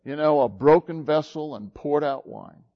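A man preaching a sermon, retelling a story slowly and haltingly with many pauses and fillers. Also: fairly high pitch, highs cut off.

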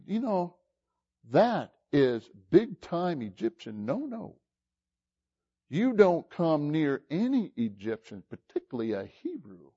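A man's voice: on the high side, a little mellow. A man preaching a sermon with emphatic rhetorical questions, often repeating words. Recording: dull lo-fi sermon recording.

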